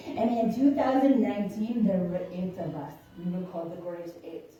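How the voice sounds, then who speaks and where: A woman's voice: fairly low pitch, normal speed, warm tone, distant mic, dull audio, a little hiss or hum, natural voice. A woman playing a chatty older mother who fusses over her chubby puppy, rambling in a put-on foreign accent in a comic parody skit. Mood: doting. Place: large church sanctuary. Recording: echoey church hall recorded from afar.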